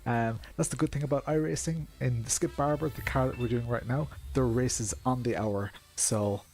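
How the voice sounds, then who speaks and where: A man's voice: medium pitch, fairly even intonation, normal speed, darkish tone. An Irish man in his thirties chatting casually on a live stream, greeting viewers by name and laughing often. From Ireland. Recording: music playing behind.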